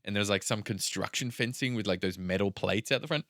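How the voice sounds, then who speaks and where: A young Australian man co-hosting a podcast, telling travel stories in a relaxed, casual way with plenty of swearing. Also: on the low side, quick pace, dry recording, studio quality. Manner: laid-back storytelling with swearing. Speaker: podcast co-host.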